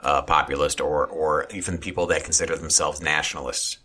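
A man with a very low voice co-hosts a podcast in relaxed, agreeable chat. His tone is forceful and bright despite the depth. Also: fairly quick, breathy edge. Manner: easygoing, agreeable, laughs often. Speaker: podcast co-host. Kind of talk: casual political podcast chat.

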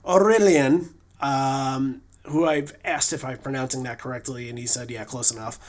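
A man co-hosting a podcast in casual chat. His voice sits at an everyday medium pitch. He rambles loosely, restarting sentences and filling pauses as he goes. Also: flat delivery. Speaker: podcast co-host. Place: lives in New England.

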